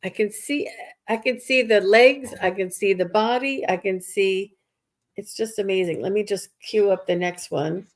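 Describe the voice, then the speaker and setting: A woman hosting a live stream, enthusiastic and unhurried as she talks to viewers. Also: mid-range voice, darkish tone. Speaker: host.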